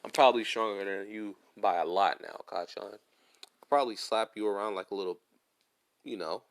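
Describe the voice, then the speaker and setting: A man playing an overconfident young hero who taunts his rival coolly, in a fairly low, unhurried voice. It sounds close to the teller's own casual way of talking. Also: creaky. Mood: taunting. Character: cocky young male hero, cold and overconfident.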